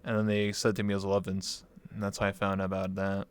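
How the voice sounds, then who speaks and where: A man's voice: low-pitched, completely flat delivery, fast, smooth. A man hosting an interview in a casual chat, rambling through stories with lots of filler words. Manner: rambling storytelling with many likes and ums. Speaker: interview host.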